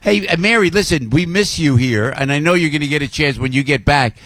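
A man's voice: on the high side, a little fast, a bit bright, no echo. A man hosting a radio show from a jazz club, effusive and laughing often. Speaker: radio host.

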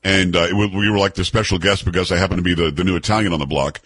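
Brash wisecracking radio host guy, fast and bouncy, bit husky, dry sound. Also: sits low, fairly even intonation, a bit bright, no room sound. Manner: brash, joking, wisecracking storyteller. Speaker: radio talk show host. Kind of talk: casual talk radio banter.

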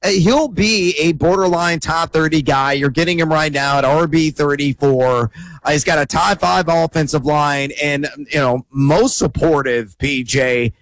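A man breaking down fantasy football picks, rattling off numbers at a brisk clip. His voice sits a bit high for a man. The sound is dry and close, with no room around it. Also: fairly bright tone, no room sound. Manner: quick, numbers-packed delivery with fillers. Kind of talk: stat-heavy sports analysis.

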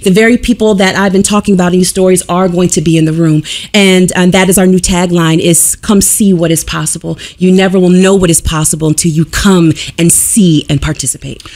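A woman's voice: on the low side, a little mellow. Woman, radio guest, motivational speaker, emphatic storytelling, casual studio chat.

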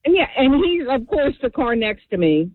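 A woman's voice: sits high, moderate pace, no echo. Older New woman on the phone. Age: 70s. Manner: animated, chatty storyteller. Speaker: caller. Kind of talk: phone-in storytelling. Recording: tinny phone line.

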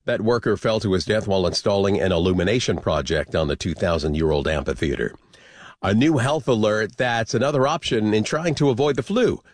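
Low-voiced male newsreader. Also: expressive, fairly quick, no echo. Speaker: radio news anchor. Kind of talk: news reading.

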